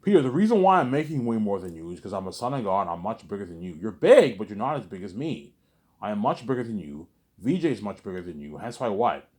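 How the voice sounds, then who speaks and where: Fast-talking boastful man. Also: lowish voice, very animated, a little mellow. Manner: boastful, repetitive, swears freely. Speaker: vlogger. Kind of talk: casual rambling monologue.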